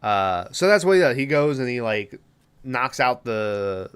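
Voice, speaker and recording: A man at an ordinary, mid-range pitch with a smooth, resonant voice, hosting a podcast. He retells a film plot in a loose, rambling way, full of fillers and casual swearing. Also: very animated, unhurried. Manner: rambling, profane, lots of fillers. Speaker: podcast host. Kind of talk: casual movie recap.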